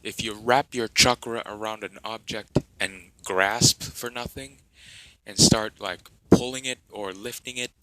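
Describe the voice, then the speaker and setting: A man telling a made-up fan story off the cuff, wandering through it with plenty of "like" and "uh". He speaks slowly and the sound is dry and close. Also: fairly low pitch, steady tone, sharp tone, no echo, rough recording. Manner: rambling, many fillers and restarts. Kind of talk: improvised fan story narration.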